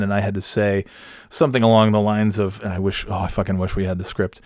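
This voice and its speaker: Low-voiced man telling a rambling story. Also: fairly even intonation, brisk, no echo, studio quality. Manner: rambling, profane, with many restarts. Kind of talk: casual anecdote.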